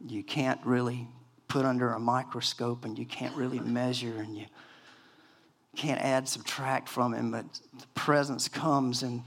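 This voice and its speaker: A man in his sixties, a pastor preaching a sermon, telling stories in a lively, chatty way full of "you know"s. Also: mid-range voice. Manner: animated storytelling with many fillers and acted-out quotes.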